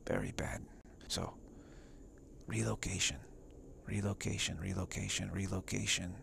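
Speaking a little fast against a noisy background, a male spiritual teacher delivers a live-streamed talk. His deep voice is heavily gravelly, emphatic and repetitive, slipping at times into whispers.

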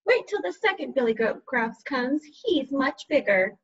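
A woman voicing the tiny youngest billy goat, pleading in a small squeaky voice for a storybook reading. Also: sing-song, moderate pace, highs cut off.

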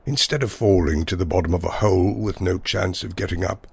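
A man with a low, gravelly voice tells a whimsical first-person tale. His delivery is wry and unhurried, savoring long, playful sentences. The tone stays rough and husky throughout. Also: a little mellow. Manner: wry, whimsical, wordy storytelling. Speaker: narrator. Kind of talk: scripted first-person story narration.

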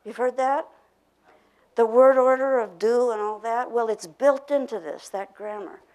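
A woman's voice: on the high side, unhurried, darkish tone, low-quality recording. An older woman presenting a pronunciation workshop, explaining ideas and leading the group in spoken drills. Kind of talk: teaching a workshop. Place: workshop room.

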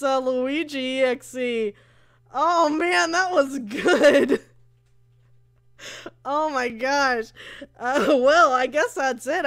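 A woman hosting a let's play, excitable and shrieking at jump scares. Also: a little high. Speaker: gaming channel host.

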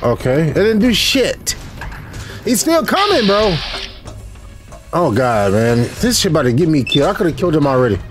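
A young man commentates his game playthrough in a lively, animated voice that jumps high when he panics. He swears freely and talks straight to his viewers. Loud game music plays behind him. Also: a little fast. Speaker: gaming YouTuber. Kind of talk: casual let's play commentary. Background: game music and sound effects.

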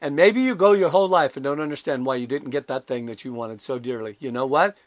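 A man's voice: mid-range voice, quick pace, no room sound. An older man preaching a conversational devotional sermon, emphatic and candid, full of rhetorical questions. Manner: candid and self-deprecating.

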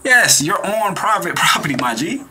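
A man's voice: sits high, sing-song, normal speed, pushed and bright, slight background noise. A young man giving casual, blunt reaction commentary, hammering his point home with repetition. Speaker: reaction streamer.

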